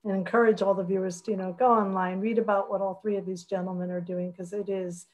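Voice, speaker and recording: A woman moderating a webcast panel over a video call, wrapping up with thanks and a measured, storytelling delivery. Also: mid-range voice, level tone, low-quality recording. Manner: warm storytelling, measured and grateful.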